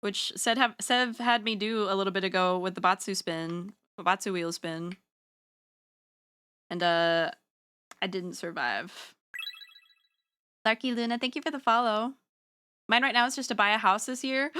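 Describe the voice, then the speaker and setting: A playful woman streamer from Washington State talks casually to her viewers while she draws. Her voice is bright and crisp, and she sometimes slips into a put-on Southern drawl. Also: fairly low pitch, moderate pace, long pauses. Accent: put-on Southern US drawl for part of the stream. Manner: chatty and playful, talks straight to viewers, laughs often. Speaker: livestreamer and artist.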